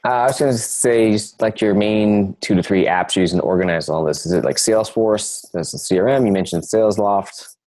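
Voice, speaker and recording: A man hosting a business podcast asks short, curious follow-up questions in a casual tone. His voice sits a little on the low side. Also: darkish tone, dry recording, poor audio. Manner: curious, cuts in with quick questions. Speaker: podcast host.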